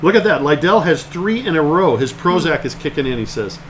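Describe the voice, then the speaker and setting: A man's voice: on the high side, lively intonation, brisk, a loud crowd, poor audio. A man co-hosting a casual live trivia stream, teasing and reeling off viewers' answers. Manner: jokey and teasing, rattling off names. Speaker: co-host of a live-streamed travel trivia show. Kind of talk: casual banter while reading viewer answers.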